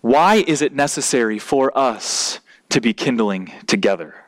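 A man's voice: medium pitch, animated, unhurried. A man preaching a sermon as pastor in a church, earnest and building to emphatic points.

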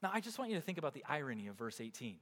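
A male pastor delivering a sermon to his congregation, with an emphatic delivery that swings between loud and soft. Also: mid-range voice, big pitch swings, rapid-fire, long reverb tail. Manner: emphatic, rising and falling preaching delivery.

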